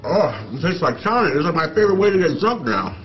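A man's voice: a little high, sing-song, fast talker. An actor playing a hesitant, puzzled male customer at a bar in a comedy skit clip. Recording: dull lo-fi clip over faint music.

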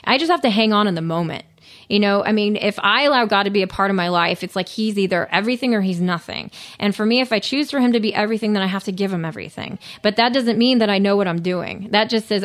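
A woman talks in an earnest, rambling way, full of fillers and restarts. It is relaxed, casual conversation rather than a prepared speech. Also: medium pitch, quick pace. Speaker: guest sharing recovery story. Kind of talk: casual chat.

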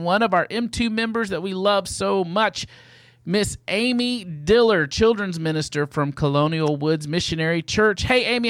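A man's voice: high-pitched, a bit bright, no echo, studio quality. Upbeat man hosting a podcast game. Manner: upbeat, playful, laughs often. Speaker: podcast host. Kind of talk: casual podcast banter.

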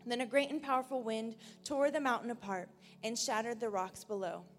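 A woman preaching a sermon earnestly on a church stage into a handheld mic, moving from raised emphasis down to a hushed near-whisper. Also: on the high side, steady tone, brisk, long reverb tail, faint music behind.

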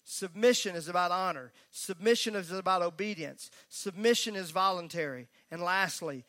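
A man's voice: high-pitched, moderate pace, bright, forceful tone. A male pastor preaching a sermon at a church service, emphatic and conversational, with folksy asides.

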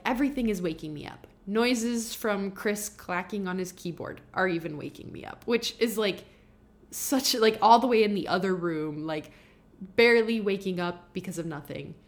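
A young adult woman hosting her own podcast, talking in a candid, confessional, rambling way with many fillers. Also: mid-range voice. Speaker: podcast host. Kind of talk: personal podcast monologue.

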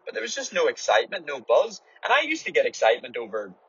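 A man's voice: a little high, huge pitch swings, fast, a bit bright, husky, no room sound. A man from Ireland talking casually to his podcast listeners, rambling and swearing a lot as he restarts his words. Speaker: runner and podcast host. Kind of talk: casual solo podcast monologue. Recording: dull lo-fi dry recording.

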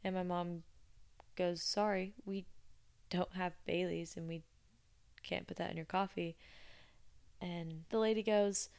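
A woman's voice: fairly low pitch, fairly even intonation, a little slow, gravelly, long pauses, darkish tone, smooth. A young woman hosting a podcast, chatting casually and with amusement as she retells odd customer stories. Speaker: podcast host. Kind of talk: casual storytelling monologue.

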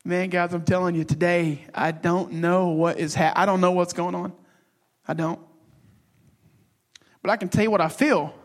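A man preaching a sermon with passion, swinging between loud bursts and hushed, halting asides. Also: high voice, steady tone. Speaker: pastor.

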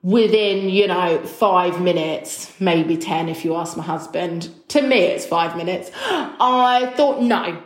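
A woman's voice: lowish voice, a little slow, hardly any pauses, reverberant. A woman hosting a podcast, talking frankly and emotionally in a chatty way. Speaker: podcast host. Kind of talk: candid solo podcast talk.

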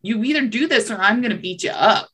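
A woman voicing a boastful, hot-tempered male trickster rabbit in a playful folktale retelling, her pitch raised, and huffy or pleading by turns. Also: expressive, fast talker, fairly bright tone, husky. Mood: angry.

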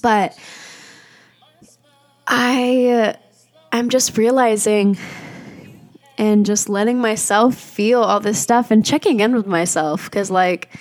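A woman's voice: medium pitch, takes it slowly, long pauses. Young woman, candid rambling podcast host. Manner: rambling and confessional, heavy use of "like". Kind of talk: candid personal podcast monologue.

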